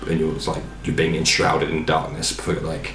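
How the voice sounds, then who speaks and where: Deep-voiced man narrating as dungeon master. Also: fairly quick, reverberant, a little hiss or hum. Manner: relaxed, rambling descriptions with fillers. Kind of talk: narrating a tabletop game.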